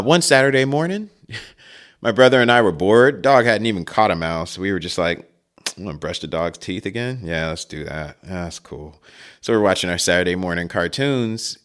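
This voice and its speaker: Podcast host, man in his forties, lowish voice, rambling and chuckling storyteller. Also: a bit bright. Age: 40s. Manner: rambling, chuckling, frequent asides. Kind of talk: casual storytelling.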